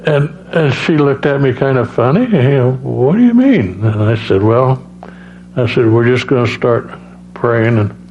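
Halting man telling his testimony. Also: medium pitch, darkish tone. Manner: halting, many restarts and fillers. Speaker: preacher giving testimony. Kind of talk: personal testimony. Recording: dull lo-fi sound with faint hum.

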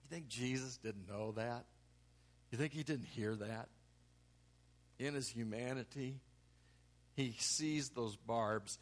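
A man preaching a sermon, acting out the quoted lines with sudden loud, emphatic bursts. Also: medium pitch, slow, long pauses. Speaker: pastor.

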